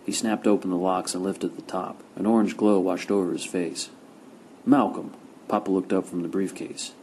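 A man narrating a first-person crime novel with steady, gritty storytelling. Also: low-pitched, a little fast, a little hiss or hum, rough recording. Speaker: audiobook narrator.

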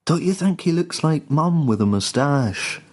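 A man's voice: fairly high pitch, lively intonation, unhurried, a little mellow, pitched above the performer's own voice. A man voicing Lester, an earnest and worried brother in a comic story.

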